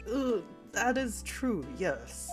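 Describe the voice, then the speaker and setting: A woman's voice: on the high side, sing-song, extremely slow. A woman streaming a game, giving playful, laughing asides between the lines she reads aloud, with game music behind her. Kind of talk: casual let's-play commentary.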